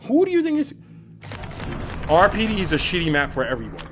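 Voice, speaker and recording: Give me a male streamer with a high-pitched, swooping voice, ranting hard at his chat. He is animated and crude, and his tone climbs and dips all the time. He is a young adult talking casually over his gameplay. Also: brisk, noisy background. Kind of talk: live-stream gaming commentary.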